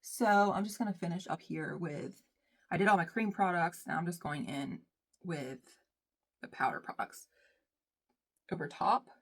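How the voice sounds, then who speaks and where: A woman's voice: lowish voice, moderate pace, long pauses, husky. A young woman chatting casually and rambling while she does her makeup, saying "y'all" a lot. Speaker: beauty vlogger.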